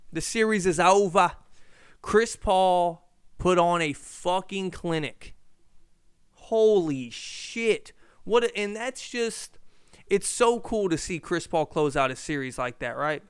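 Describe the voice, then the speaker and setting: A man's voice: high-pitched, unhurried, clear, resonant tone, no room sound, clean studio sound. A young man hosting his own podcast, ranting casually and profanely about sports and home life into a handheld mic. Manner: profane, rambling, animated rants. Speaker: podcast host.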